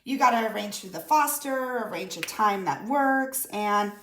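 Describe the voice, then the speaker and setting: A woman's voice: a little high, moderate pace, fairly bright tone, roomy sound, slight background noise. A woman, a mother, telling a story casually to her viewers, chatty and full of quoted dialogue. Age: adult mother of school-age daughter. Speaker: vlogger.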